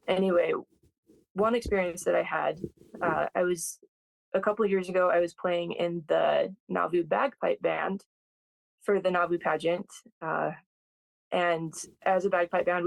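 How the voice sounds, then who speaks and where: A guest in their thirties tells a personal story in a thoughtful, hesitant way, with many pauses and restarts. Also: mid-range voice, steady tone, vocal fry, no echo, rough recording. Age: 30s. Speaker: podcast guest.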